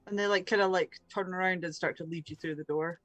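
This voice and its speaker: A woman's voice: on the low side, steady tone, quick pace, a bit bright, dry recording, muffled recording. A woman running a tabletop role-playing game as game master, talking casually with plenty of fillers.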